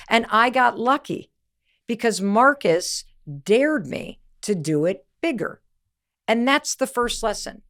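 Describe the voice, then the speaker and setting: Animated woman telling a motivational story. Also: on the high side, normal speed. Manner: animated, emphatic, addresses listener directly. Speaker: podcast host and motivational speaker.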